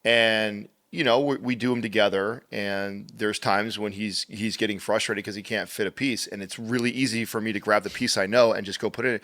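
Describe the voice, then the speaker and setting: A man's voice: fairly low pitch, brisk, hardly any pauses. A man in his thirties, a podcast guest, telling stories in a casual interview and acting out what people said, with casual swearing. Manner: animated storyteller, acts out quotes, swears casually.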